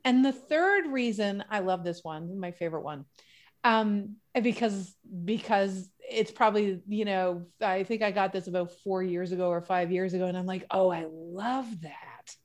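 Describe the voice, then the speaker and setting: Woman guest, animated and chatty, playful analogies, mid-pitched conversational delivery. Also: moderate pace. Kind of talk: casual conversational interview.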